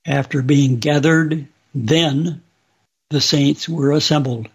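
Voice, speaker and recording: A man slowly and solemnly recounting a religious vision as testimony. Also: fairly high pitch, fairly even intonation, husky. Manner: slow, deliberate, solemn. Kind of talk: slow spoken testimony.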